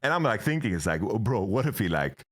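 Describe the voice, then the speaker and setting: Animated young man telling wild stories. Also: lowish voice, fast talker. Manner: animated, swears, laughs often, acts out voices in quotes. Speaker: esports coach, guest. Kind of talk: casual storytelling interview.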